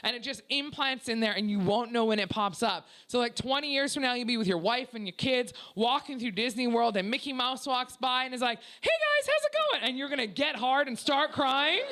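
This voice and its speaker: A woman's voice: a little high, a little fast, few pauses, fairly bright tone. A young woman doing a crude, brash stand-up set at a small comedy venue, often laughing at her own jokes.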